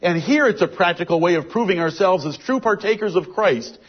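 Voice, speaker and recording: High, lively-voiced husky man teaching scripture. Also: a little fast. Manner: emphatic, reads and explains scripture verses. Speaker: Bible teacher. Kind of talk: verse-by-verse Bible teaching. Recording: dull lo-fi recording.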